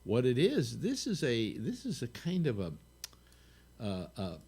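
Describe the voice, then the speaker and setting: An older man in his eighties talks over a video call with a lively, swooping pitch that rises and falls a lot. He rambles and restarts often while explaining things at length, in the manner of a chatty host. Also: unhurried, husky. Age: 80s. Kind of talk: casual video call chat.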